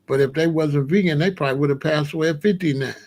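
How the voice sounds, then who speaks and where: A vlogger speaks casually to camera, talking fast in a slangy, emphatic way with a voice a bit higher than most. He keeps stressing his points and often breaks into animated disbelief.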